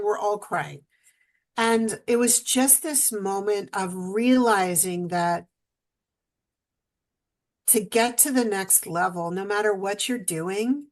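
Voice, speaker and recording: A woman speaking as a guest in an interview, telling a personal story with animated energy. She acts out what she and others said along the way. An emotional edge runs through her telling. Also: medium pitch.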